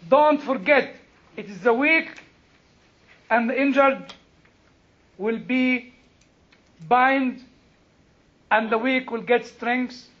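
A male preacher giving an animated sermon, questioning his congregation, exclaiming and laughing as he teaches. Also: very high-pitched, muffled recording.

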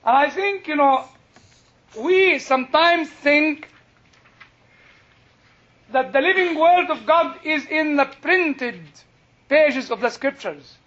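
An older man with a husky yet strikingly high voice gives a slow, unhurried church lesson to a class, leaning on each phrase for emphasis. The recording sounds dull and lo-fi. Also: expressive, a bit bright. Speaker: Christian teacher. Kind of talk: lecture to a class.

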